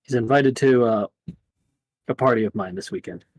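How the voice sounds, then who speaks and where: A man voicing a calm, solemn Jesus in a tabletop game, speaking in a slow, hushed, fatherly way. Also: mid-range voice, no room sound, voice pushed down, natural voice.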